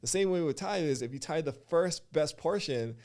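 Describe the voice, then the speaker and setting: A man's voice: fairly high pitch, lively intonation, normal speed, a little mellow. A man speaking as a guest in a casual podcast conversation, reflective and filling his talk with "like". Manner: reflective, lots of "like" fillers.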